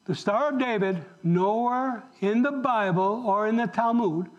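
A man's voice: high-pitched, a little slow, lo-fi sound. A man preaching a sermon, talking straight to the congregation and asking them questions. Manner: animated, asks the congregation questions. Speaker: pastor.

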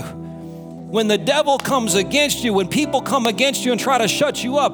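A man preaching a sermon as pastor, animated and acting out the quotes he tells. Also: very high-pitched, moderate pace. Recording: roomy hall with music behind.

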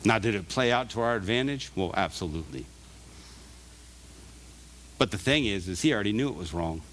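A man's voice: lowish voice, expressive, brisk, a bit bright, a little hiss or hum. A male pastor giving a sermon, earnest and conversational with emphatic turns.

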